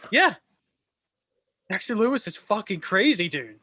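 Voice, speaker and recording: A man with a high, bright voice co-hosts a wrestling news chat. He speaks easygoing and eager, like a true fan. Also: very animated, a little slow, no room sound, clean studio sound. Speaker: podcast co-host.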